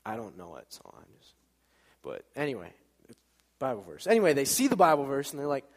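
A man addresses a church audience in a relaxed, chatty way, telling everyday stories and acting out both sides of the conversations himself, sometimes laughing. His mid-range voice moves a little fast and carries a long reverb from the hall.

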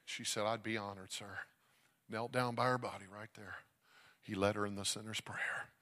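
A middle-aged man preaching a sermon as a traveling evangelist, telling a story with big swings from shouting to hushed tones. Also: fairly low pitch, steady tone, moderate pace.

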